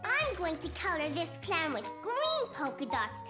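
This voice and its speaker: A woman's voice: very high-pitched, huge pitch swings, a little slow, over loud music, exaggerated voice. An actor voicing an eager, sometimes whiny four-year-old cartoon boy. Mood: childlike. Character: excited preschool boy, four years old.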